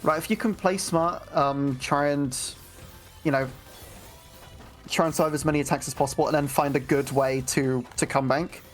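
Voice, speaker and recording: A woman co-commentating a live game tournament, giving relaxed analysis with frequent ums and restarts. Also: sits low, moderate pace, soft background music. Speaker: esports co-commentator.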